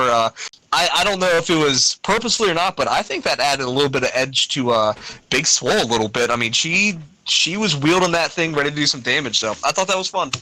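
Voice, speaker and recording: A man's voice: on the high side, pushed and bright, no room sound, rough recording. A man co-hosting a podcast, chatting enthusiastically and loosely about wrestling, swearing now and then. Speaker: podcast co-host. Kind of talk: casual wrestling review chat.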